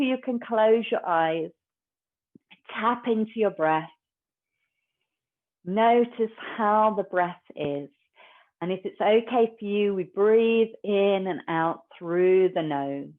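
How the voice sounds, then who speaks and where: A woman, a yoga teacher guiding a class in a calm, gentle, unhurried way. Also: lowish voice. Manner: calm, slow, gentle guidance. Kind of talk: guided yoga instruction. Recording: tinny phone-like recording.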